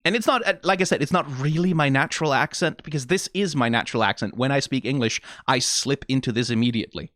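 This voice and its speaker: A man from Denmark hosting a casual reaction video, animated and exclaiming, swearing now and then and laughing. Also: mid-range voice, quick pace, few pauses, no echo, clean studio sound.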